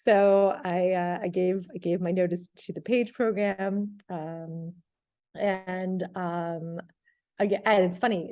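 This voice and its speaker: A woman in her thirties, a TV reporter telling her career story in a casual interview, rambling with lots of "like" and lively retellings. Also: mid-range voice. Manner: rambling, heavy use of "like", animated retelling. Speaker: TV sports reporter, guest.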